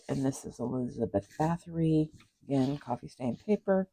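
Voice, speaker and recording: A rough recording captures a woman crafter chatting casually about a handmade journal, rambling with asides and apologies. Her rumbling low voice is mellow with lively intonation at normal speed.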